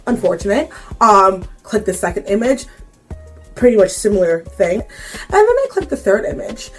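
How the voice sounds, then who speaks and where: A young woman vlogger telling a casual story-time tale, sassy and animated, with bursts of mock outrage. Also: medium pitch.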